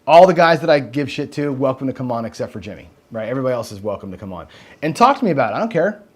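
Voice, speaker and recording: A man's voice: medium pitch, sing-song, very fast, a little mellow, slightly rough. A man hosting a casual livestream, rambling and asking "right?" after nearly every sentence, and swearing when he gets heated. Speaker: host.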